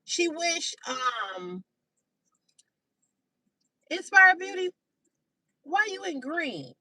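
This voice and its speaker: A woman hosting a casual livestream, retelling a story in a chatty, animated way and greeting viewers by name. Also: very high-pitched, very slow, no room sound. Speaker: livestream host. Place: outdoors in sunlight.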